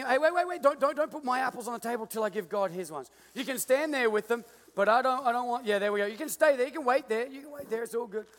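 High-voiced Australian pastor in a hall. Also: male voice. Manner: playful, joking, animated with the crowd. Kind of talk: lively sermon with stage illustration. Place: large church auditorium.

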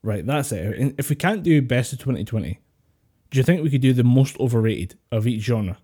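A man's voice: mid-range voice, expressive, a little fast, warm tone, husky. A man co-hosting a podcast over a voice call, rambling, laughing often and swearing casually. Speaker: podcast co-host. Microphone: voice call headset or desk mic.

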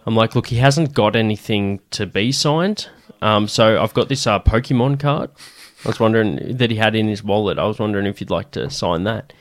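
A man's voice: fairly low pitch, brisk, few pauses. An Australian man in casual chat, telling a story with lots of swearing and false starts. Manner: swearing, animated storytelling with restarts.

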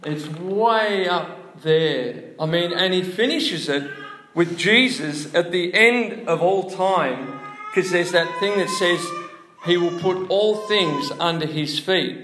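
A man's voice: high voice, slow, fairly bright tone, echoey room, slight background noise. A man preaching a sermon to a congregation in a church, chatty and full of questions to the room. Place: church hall before a congregation.

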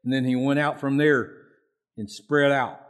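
A man's voice: mid-range voice, fairly even intonation, a little slow. A man preaching a sermon in a folksy, repetitive way, raising his voice to act out prayers. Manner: acts out prayers in a raised voice. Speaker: pastor.

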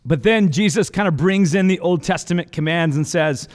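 Male pastor, higher-pitched, relaxed, earnest sermon delivery; long hall reverb. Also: normal speed. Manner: conversational, earnest, with frequent "like" and restarts.

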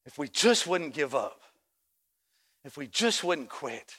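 A high-pitched man preaching a sermon as a pastor. He drops to a quiet, reflective tone, then rises into shouted exhortation, acting out the voices of the people in his story. His voice is bright and forward. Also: very animated, takes it slowly, breathy edge. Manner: acts out voices of story characters and church members.

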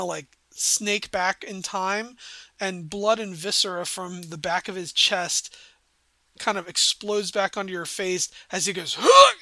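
A man's voice: sits high, sharp tone, no echo. A man narrating a tabletop game as game master, descriptive and rambling with many fillers.

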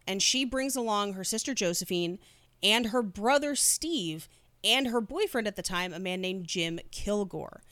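A woman's voice: mid-range voice, fairly bright tone, clear, resonant tone, no room sound. A woman hosting a podcast who tells a true crime story in a casual, chatty way. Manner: laughs while telling the story.

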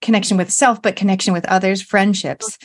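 A woman's voice: medium pitch, steady tone, brisk. A woman hosting a radio interview, affirming her guest with enthusiasm and summing up her points. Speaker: radio show host. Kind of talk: casual interview talk.

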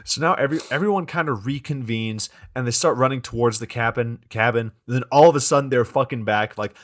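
A man talks fast in a medium-pitched voice while casually recapping a bad movie as a podcast co-host. He swears a lot and slips into quoted voices to play the characters.

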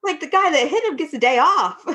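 A woman veteran talking candidly in casual conversation, laughing at dark humor. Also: sits high, animated, brisk. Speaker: military veteran.

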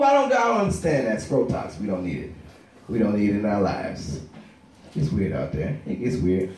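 A man in his thirties doing a stand-up comedy set, loud and profane, rambling and shouting his punchlines. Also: fairly low pitch, sing-song, normal speed, heavy reverb, far from the mic. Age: 30s.

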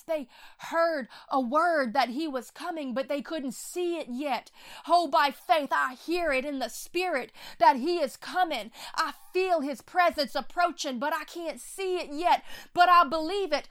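Lady preacher, high voice, super dramatic, whispers then shouts, fired up sermon. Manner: dramatic, swinging between hushed whispers and loud crying out. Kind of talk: impassioned sermon and prayer.

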